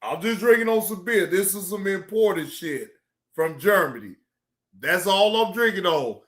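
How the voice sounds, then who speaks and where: A man with a high, bright voice hosts a casual live stream, talking slowly and unhurried. He laughs often, swears freely and circles back over the same words. The sound bounces around an echoey room. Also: lively intonation. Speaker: live-stream reaction host.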